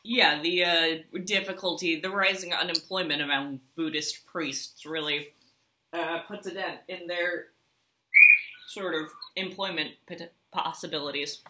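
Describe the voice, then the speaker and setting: Wry woman cohosting a podcast, dry quick asides, lowish bright voice. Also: fairly even intonation. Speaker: podcast co-host. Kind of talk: casual podcast chat.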